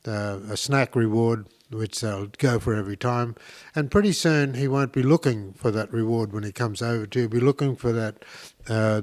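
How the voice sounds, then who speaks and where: A man hosting a talk show, explaining things in an enthusiastic, rambling way with many fillers and restarts. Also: mid-range voice. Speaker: podcast host. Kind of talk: casual instructional talk.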